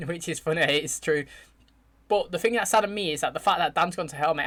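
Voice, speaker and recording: A man hosting his channel, chatting excitedly as he reacts to a show's finale and addresses his viewers directly. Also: a little high, normal speed. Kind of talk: casual reaction commentary.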